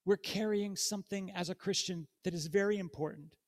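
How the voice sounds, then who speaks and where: Preaching as a guest in a church, a man with a strikingly high voice reads from scripture before talking more casually. Speaking a little fast, he addresses the congregation with pointed questions.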